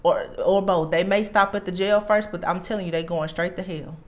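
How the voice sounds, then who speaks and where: A woman's voice: lowish voice, steady tone, brisk. A woman with a Southern US accent giving a tarot reading, speaking emphatically and repeating her warnings. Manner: emphatic, repeats warnings, drawls "I'm telling you". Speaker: tarot reader. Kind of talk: channelled tarot reading to camera.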